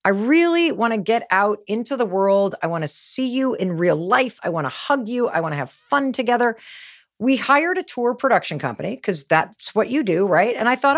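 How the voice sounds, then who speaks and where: A woman's voice: medium pitch, sing-song, a little fast. A middle-aged woman giving a motivational talk, telling stories with energy and emphasis. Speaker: motivational speaker.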